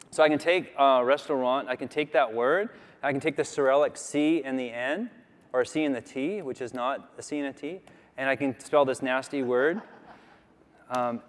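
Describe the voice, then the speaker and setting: A man from Canada giving a casual, rambling conference talk with a live demo, full of fillers. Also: medium pitch. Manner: chatty, rambling, filler-heavy. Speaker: conference speaker. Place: large conference hall. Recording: long reverb of a big hall.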